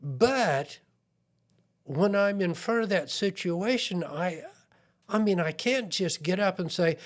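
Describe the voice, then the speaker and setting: An IT consultant guesting on a podcast interview speaks in an earnest, self-deprecating way, performing the voices of people he quotes. He has a high, animated voice and takes his time.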